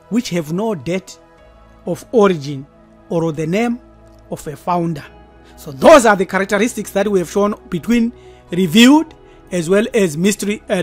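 A woman presenter giving a scripted talk, with an emphatic, deliberate and pointed delivery. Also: medium pitch, a little mellow, slightly rough.

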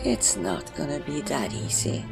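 Let's-play host, woman, slow, gravelly, emotional commentary. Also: rumbling low, animated, over loud music. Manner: emotional, reflective. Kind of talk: gameplay commentary.

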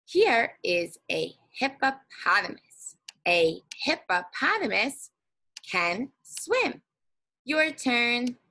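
A woman teacher leading a guided reading lesson for young children, speaking slowly and encouragingly and stretching out words. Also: a little high, very animated, pushed and bright, poor audio.

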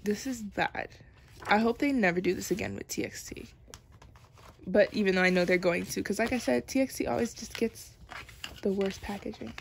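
A woman's voice: mid-range voice, normal speed, creaky, slight background noise. A young woman chatting playfully as she unboxes an album, laughing and complaining dramatically. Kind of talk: casual unboxing chat.

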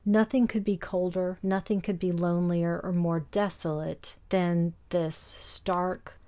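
A woman's voice: lowish voice, little pitch movement, unhurried, mellow. A woman co-hosting a film podcast, recapping scenes in detail in a casual discussion and laughing easily. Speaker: podcast co-host.

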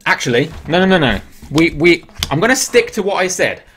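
A man's voice: a little high, very animated, a little fast, a bit bright, slight background noise. Chatty English man hosting a livestream. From England. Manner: chatty, answers viewer questions aloud, laughs at himself. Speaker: livestream host. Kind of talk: casual live-stream chat.

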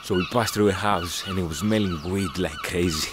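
A man's voice: sits low, brisk. A man from Greece, a native Greek speaker, chatting outdoors as a travel vlogger in simple, friendly non-native English. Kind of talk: casual travel vlog chat. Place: outdoors in a seaside town. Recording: outdoor noise behind.

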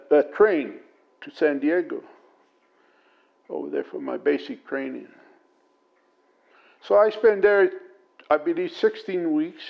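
Older man, interviewee, gravelly and somewhat high, dull lo-fi tape sound, calm storytelling with pauses. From Prescott, Arizona. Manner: plain unhurried storytelling with many pauses and fillers. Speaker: oral history interviewee. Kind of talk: recounting memories.

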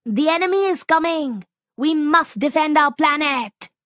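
A woman voicing Zap, a jumpy young alien boy hero who shouts excitedly and stammers when he is scared, in a storybook reading. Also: fairly high pitch, a little slow, no echo, voice pushed up. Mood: alarmed.

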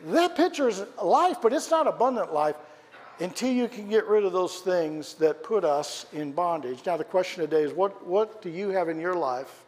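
Male pastor, sermon, high voice, long church reverb, dramatic storytelling, questions to the congregation. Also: animated, moderate pace. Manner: dramatic storytelling, rising for quoted shouts and dropping low for emphasis. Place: church sanctuary.

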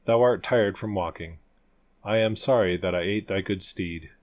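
A man voicing an old grey wolf, a gruff but kindly talking beast in a storybook, who speaks in solemn archaic phrases. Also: low-pitched, moderate pace, a little mellow, close to an everyday voice.

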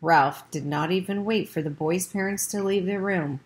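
Low-voiced woman reading a children's book. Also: moderate pace. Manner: plain reading with small slips. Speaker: audiobook reader. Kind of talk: amateur audiobook narration.

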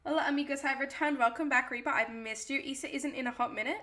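A woman's voice: sits high, steady tone, quick pace, few pauses, bright, forceful tone. A woman live streamer chatting casually and playfully, reading her chat aloud and answering it.

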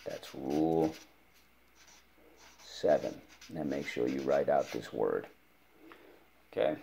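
A man's voice: very deep voice, slow, creaky, mellow, a little hiss or hum. A man teaching a spelling lesson to a child, patiently spelling words out letter by letter and giving encouragement.

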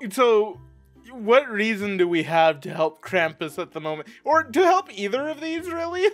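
A man chatting while gaming with friends, animated and quick to burst out laughing. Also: high-pitched, soft background music. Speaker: guest player. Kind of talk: casual group gaming chat.

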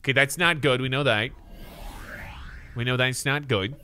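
Excitable bright-voiced male streamer. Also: mid-range voice, normal speed, soft background music. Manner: loud, excitable, swears, talks to chat. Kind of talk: excited live-stream chatter.

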